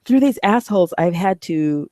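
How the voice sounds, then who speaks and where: A woman's voice: fairly low pitch, lively intonation, moderate pace, mellow, no echo, studio quality. A woman vlogging to camera, talking bluntly and animatedly, swearing freely. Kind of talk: casual talking-head vlog.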